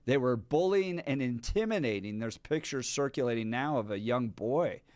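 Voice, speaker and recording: A man's voice: medium pitch, expressive, normal speed, darkish tone, no echo. A man hosting an opinion talk radio show, reading news stories aloud and adding sarcastic comments. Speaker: radio host. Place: radio studio. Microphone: studio microphone.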